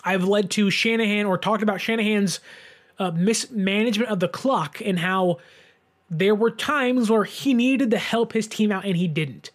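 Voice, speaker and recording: A man's voice: high-pitched, normal speed. A man in his twenties hosting a solo sports show, giving emphatic commentary. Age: 20s. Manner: animated, emphatic rant.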